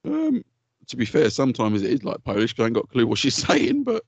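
Fast-talking, lively man. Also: medium pitch, gravelly, husky, dry recording, lo-fi sound. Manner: swears freely, animated storytelling with put-on quotes. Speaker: podcast co-host. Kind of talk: casual chat.

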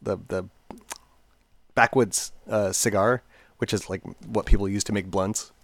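Brief: low-voiced man, rambling casual storyteller, close dry mic. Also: steady tone, a little slow, a bit bright, no room sound. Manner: rambling, chatty, many fillers. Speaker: podcast co-host.

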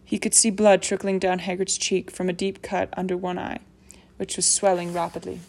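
A woman narrating a novel aloud in a steady, measured storytelling manner. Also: on the low side, gravelly. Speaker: audiobook narrator. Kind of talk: scripted narration.

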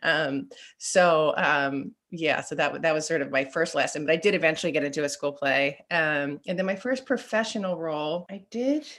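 A middle-aged woman with a voice on the low side tells stories from her acting life in relaxed, casual talk. She laughs easily and pokes fun at herself, jumping into brighter voices when she quotes what she once thought. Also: moderate pace. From Southern California. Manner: chatty and self-deprecating, laughs often, quotes herself in lively voices. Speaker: actor, podcast guest. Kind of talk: casual interview chat.

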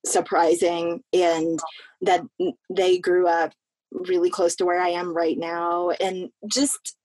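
A woman's voice: lowish voice, little pitch movement, slow, darkish tone, no echo. A woman from Florida, an actress talking in a casual interview, earnest and rambling, often restarting her sentences. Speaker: actress guest.

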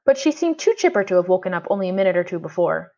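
A woman reading a children's storybook aloud, narrating in first person with expressive delivery. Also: lowish voice, rapid-fire. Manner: expressive, voicing a frustrated boy in first person. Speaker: audiobook reader. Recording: dull lo-fi audio.

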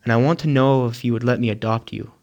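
A man voicing a grieving, forgiving middle-aged mother in a retold story, in a quiet, earnest way. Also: medium pitch, steady tone, quick pace, muffled recording, lightly acted.

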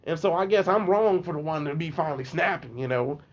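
A man as a podcast guest, telling stories in a casual, animated, profane way and acting out other people's voices. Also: fairly high pitch, a little fast. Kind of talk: casual storytelling. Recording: lo-fi podcast audio.

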